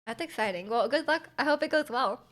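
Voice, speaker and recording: A woman streamer chatting casually with her viewers, loud and energetic, full of fillers, her volume jumping around. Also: sits high, a little fast. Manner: chatty, many fillers, reads chat aloud. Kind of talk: casual live-stream chat.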